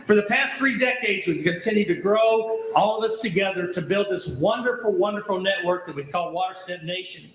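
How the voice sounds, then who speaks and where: A man's voice: high-pitched, a little fast, hardly any pauses, reverberant, rough recording. Folksy, enthusiastic Southern man. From American South. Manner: enthusiastic, folksy, rhetorical questions. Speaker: charity founder giving a welcome speech. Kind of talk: public speech at an event.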